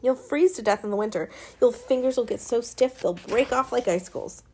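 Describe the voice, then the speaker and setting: A woman voicing a feisty, sharp-tongued young girl in an audiobook, taunting and scolding. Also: a little high, fairly quick, slight background noise, lightly acted. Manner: taunting, scolding, sometimes yelling. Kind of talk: audiobook character reading.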